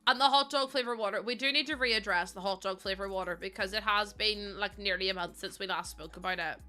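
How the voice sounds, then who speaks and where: A woman's voice: medium pitch, quick pace. A young Northern Irish woman chatting casually on a livestream, unfiltered and prone to laughter and sudden squeals. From Northern Ireland. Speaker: streamer. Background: soft background music.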